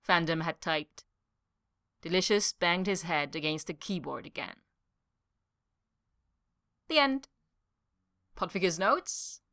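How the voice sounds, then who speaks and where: Female story reader, lowish voice, bright and forceful, expressive delivery. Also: slow pace, pauses often, no echo, studio quality. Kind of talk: story read aloud.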